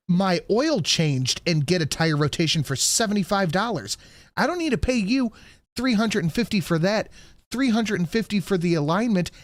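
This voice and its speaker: A man hosting a podcast, telling an angry story full of swearing and quoting himself loudly. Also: sits high, no echo. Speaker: podcast host. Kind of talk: casual ranting chat.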